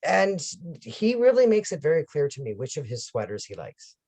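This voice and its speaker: A woman's voice: low voice, very animated, normal speed, crowd noise. A woman hosting an interview, chatting casually and telling a personal story, with some fillers along the way. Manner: chatty, anecdotal, with soft laughs and fillers. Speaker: podcast host. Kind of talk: conversational interview.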